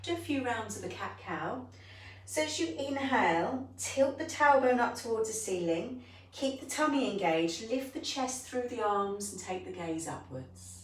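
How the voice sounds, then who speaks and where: Woman, yoga teacher, gentle guided instruction, calm breath cues, somewhat high, distant mic. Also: a little slow. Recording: echoey room, voice from a distance.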